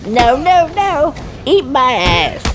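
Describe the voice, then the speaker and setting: Woman streamer, loud and foul-mouthed, lively pitch, slightly high, game music behind. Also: drawn-out words. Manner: loud, profane, playful, rowdy. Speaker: gaming streamer. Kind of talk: let's play commentary.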